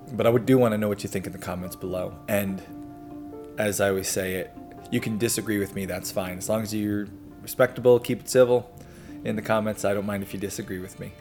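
Brief: male homesteading host, casual opinion chat to camera, slightly low voice, soft music underneath. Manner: relaxed, chatty, self-deprecating.

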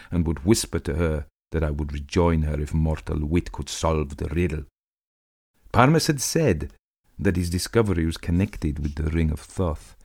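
Very deep gravelly male storyteller. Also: a little mellow, dry recording, clean studio sound. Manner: theatrical, voices characters with rising intensity. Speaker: audiobook narrator. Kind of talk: dramatic reading of a classic tale.

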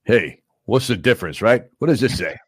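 A man's voice: medium pitch, lively intonation, a little fast, breathy edge, no echo, studio quality. A man playing a mumbling, boastful middle-aged male action-movie star as a comic talk show host. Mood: bragging, gruff. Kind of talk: comedic celebrity impression.

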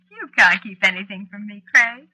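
A coy, jealous witch wife, purring her words in a breathy tone. Her voice swings widely up and down and has a bright, sharp edge. She sounds playful on top and menacing underneath. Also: mid-range voice, full character voice, rough recording. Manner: playful, coaxing, with a cold edge. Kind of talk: 1940s radio acting.

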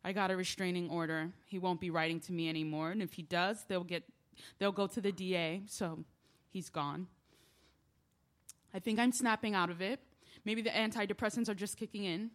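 A woman's voice: lowish voice, fairly even intonation, normal speed. A woman delivering a stage play monologue in a confiding, rambling and emotional way. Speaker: lead character in a stage play.

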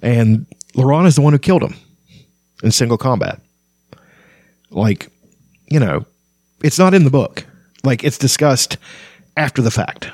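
A man's voice: mid-range voice, lively intonation, unhurried, pauses often, darkish tone, no echo, studio quality. A man hosting a podcast, chatting about a fantasy book in a casual, rambling way, full of fillers and restarts.

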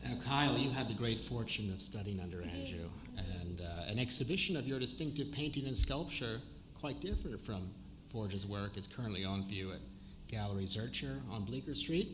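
Courteous male moderator, noisy recording. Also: fairly low pitch. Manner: polished, courteous introductions. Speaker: panel moderator. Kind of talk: moderating a panel. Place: panel discussion at an art school.

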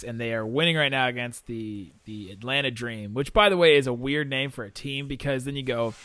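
A man's voice: medium pitch, fairly bright tone, dry recording. A man co-hosting a sports podcast, chatting casually with rambling asides and frequent laughs. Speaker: podcast co-host.

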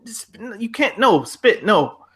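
High, lively, blunt-talking man. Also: takes it slowly, breathy edge. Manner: blunt, animated, swears freely. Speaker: podcast co-host. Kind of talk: heated casual chat.

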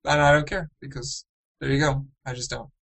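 A man's voice: medium pitch, steady tone, a little fast, creaky, fairly bright tone, poor audio. A young man hosting a casual gaming podcast, rambling and joking with plenty of fillers. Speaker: podcast host.

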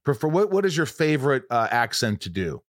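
A man's voice: mid-range voice, brisk, no echo. Blunt male host who swears a lot, voice all over the place, dry close sound. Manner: animated and blunt, swears freely. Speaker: interview host. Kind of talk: interview conversation.

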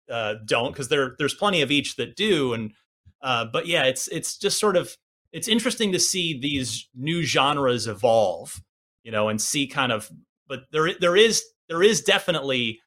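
Bright-voiced man in his forties, rambling. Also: medium pitch. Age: 40s. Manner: rambling, self-deprecating, many restarts. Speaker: podcast host. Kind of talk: casual gaming podcast chat.

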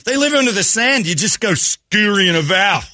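A boisterous male dive guide with a broad Australian accent, as a radio host puts him on, his voice pushed high and bellowing. He is loud and cheery, with a bright, forceful edge and a big swooping lilt. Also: lively intonation, moderate pace, no echo, studio quality, full character voice. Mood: breezy. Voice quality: shouting, boisterous.

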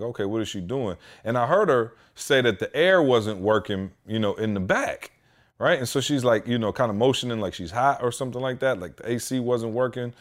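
A man in his thirties tells a story on a casual podcast chat, acting out each person with heated voices. His delivery is animated and lively, and he talks straight to his co-hosts. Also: mid-range voice. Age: 30s. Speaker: podcast co-host.

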